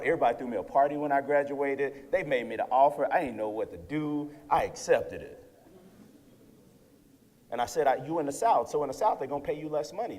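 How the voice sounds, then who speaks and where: A man in his thirties giving an energetic motivational keynote to students, often checking in with "right?". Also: a little high. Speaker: keynote speaker. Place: lecture hall with audience. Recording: long hall reverb.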